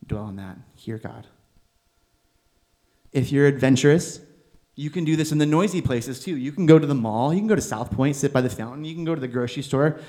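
A young man preaching a sermon in a gentle, conversational way, with bursts of emphatic exasperation. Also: mid-range voice, lively intonation, fairly quick. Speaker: preacher, seminary student.

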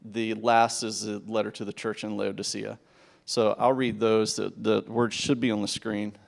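A man's voice: fairly low pitch, flat delivery, moderate pace, vocal fry. A young man preaching, telling a personal story in a conversational way, with false starts and acted-out dialogue. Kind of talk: sermon storytelling.

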